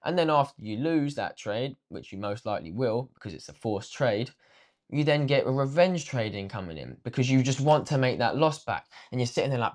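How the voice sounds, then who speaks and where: A man's voice: medium pitch, very animated, brisk. A young man teaching a casual trading lesson, slangy and swearing freely, talking straight to viewers. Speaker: trading coach.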